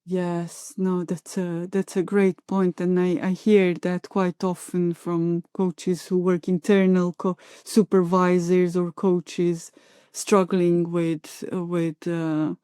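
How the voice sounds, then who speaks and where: A woman's voice: lowish voice, level tone, takes it slowly, warm tone, smooth, no echo, studio quality. A woman hosting an interview, supportive and affirming, often murmuring agreement while her guest talks. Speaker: interview host. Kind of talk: interview conversation.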